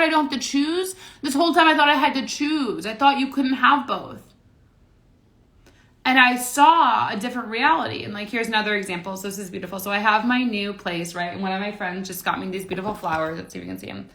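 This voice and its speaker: Bright-toned young woman rambling motivationally. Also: mid-range voice. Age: late 20s. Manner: rambling, repeats phrases, heavy use of "like". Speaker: manifestation coach. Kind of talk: casual motivational talk to camera.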